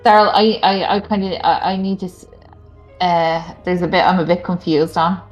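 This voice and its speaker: Playing a tabletop game, this woman hesitantly walks through her character's plan one step at a time, her lowish voice level in tone and moderate in pace. The audio sounds dull, captured in an echoey room with music playing behind her.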